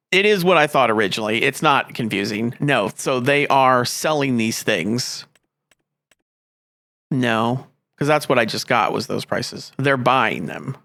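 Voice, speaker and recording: A man's voice: medium pitch, sharp tone, no echo. Man rambling over a farming game. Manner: rambling, thinks aloud, easily exasperated. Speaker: gameplay commentator. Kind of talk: casual let's-play commentary.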